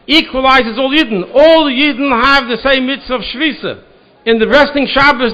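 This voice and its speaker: A man with a high, sharp voice teaches a Torah class as a rabbi, earnest and circling back over his own words as he thinks. The recording is dull and lo-fi, taken in a synagogue study hall. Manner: earnest, repeats words as he searches for them.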